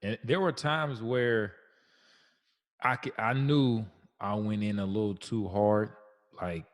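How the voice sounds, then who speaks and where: A man with a very deep voice talks about fatherhood in a casual, slangy manner. He tells his stories in a relaxed and reflective way. His voice carries a long reverb, as if the room were large. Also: slow. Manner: laid-back, slangy, reflective storytelling. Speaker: podcast co-host. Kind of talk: casual chat.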